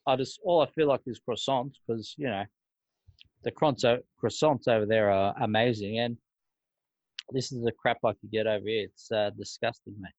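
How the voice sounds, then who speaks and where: A man's voice: mid-range voice, moderate pace, a little mellow, no echo, dull audio. A laid-back man co-hosting a podcast, blunt and full of slang. His voice sits mid-range for a man. The recording is dry and close, with no room sound. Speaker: podcast co-host. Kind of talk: casual banter.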